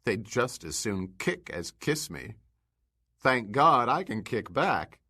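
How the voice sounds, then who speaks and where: A vain, chattering housewife rattles on with a careless, breezy air. A man reads her part, lifting his voice high and swinging it widely up and down. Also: very animated, slow, bright, forceful tone, slightly rough, exaggerated voice. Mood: breezy gossip. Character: chatty vain housewife, middle-aged woman.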